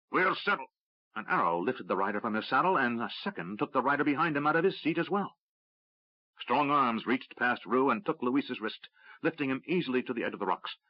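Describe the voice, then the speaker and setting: A man narrating a fantasy audiobook in a steady, measured reading. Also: mid-range voice, dry recording. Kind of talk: scripted narration. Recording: dry, slightly dull audiobook recording.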